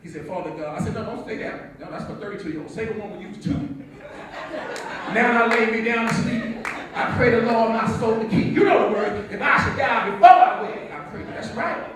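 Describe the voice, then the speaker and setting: A man performs a stage comedy monologue as a strict, wry father of a grown son, telling it deadpan and teasing. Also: high voice, fast talker, few pauses, a crowd in the background. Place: theatre stage. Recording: echoey hall from far off.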